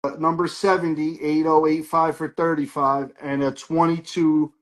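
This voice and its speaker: A man's voice: on the high side, little pitch movement, normal speed. A man hosting a live comic book sale, reading off issue numbers, grades and prices in a casual stream chat.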